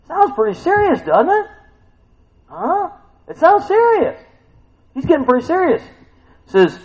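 A man preaching in a chatty, back-and-forth way, his fairly high voice leaping up and down as he goes from loud exclaims to hushed asides. The recording is a little dull and lo-fi. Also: very animated, normal speed, pauses often. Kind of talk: sermon.

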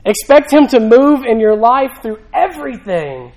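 Guy pastor with a high voice, chatty sermon, repeats lines for punch, lots of questions to the crowd. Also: sing-song, moderate pace, darkish tone, rough recording. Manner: conversational, with emphatic repetition and rhetorical questions. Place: church.

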